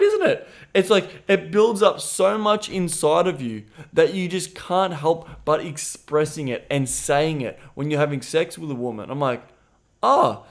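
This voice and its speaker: A man co-hosting a podcast, speaking candidly and swearing freely as he acts out conversations with animated voices. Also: on the high side. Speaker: podcast co-host. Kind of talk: casual podcast chat.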